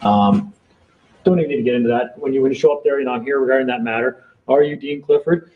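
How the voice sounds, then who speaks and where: A man's voice: medium pitch, fast talker, highs cut off. Rambling man lecturing a small group. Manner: rambling, repeats himself, acts out court exchanges. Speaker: seminar speaker.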